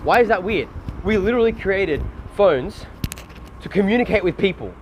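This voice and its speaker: An Australian man rambles through a casual live stream, swearing easily as he talks to his chat. His voice sits a little high. He speaks into a phone outdoors, with wind and street noise clearly audible behind him. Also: animated, normal speed, rough recording. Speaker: IRL streamer. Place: outdoors on windy city streets. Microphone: phone held while walking.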